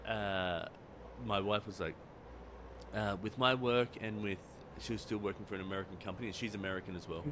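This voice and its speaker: A man with an Australian accent, talking as a guest in a casual interview and telling rambling, animated stories. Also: fairly low pitch, a little fast. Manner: animated storyteller, rambling with fillers. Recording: noisy background.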